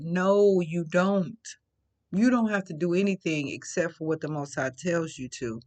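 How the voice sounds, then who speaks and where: A woman's voice: low-pitched, normal speed, darkish tone. A tearful woman giving an emotional faith testimony, earnest and preachy, repeating her phrases for emphasis. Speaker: faith vlogger.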